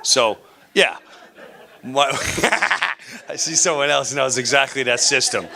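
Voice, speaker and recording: A man performing live stand-up on a theater stage, telling a story in an animated, playful way and acting out the people in it. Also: medium pitch, slow pace, vocal fry. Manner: animated, playful, acts out characters. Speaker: stand-up comedian.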